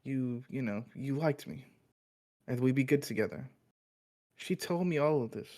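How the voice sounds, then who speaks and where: A man playing a cocky young mob guy, put-on New York Italian accent, dark mellow voice, sweet-talking. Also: mid-range voice, animated, moderate pace, lightly acted. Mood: persistent. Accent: New York Italian-American, put on. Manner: smooth, cocky sweet-talk.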